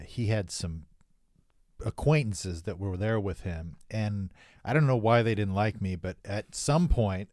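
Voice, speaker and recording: A man's voice: low voice, darkish tone, no echo, studio quality. A man co-hosting a podcast, telling a story in casual chat, rambling and hesitant, often restarting his sentences. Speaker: podcast co-host.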